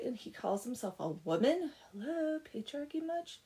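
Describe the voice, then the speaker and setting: A woman's voice: sits high, expressive, normal speed, few pauses, mellow. A young woman casually retelling a folk tale with chatty, sarcastic asides. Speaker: storyteller. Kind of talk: casual comic story retelling.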